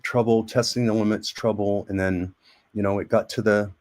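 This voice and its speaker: A man's voice: on the low side, level tone, normal speed, darkish tone. A man, an army veteran and actor, telling rambling stories as a guest in a casual interview. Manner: rambling, repeats words, acts out quoted voices.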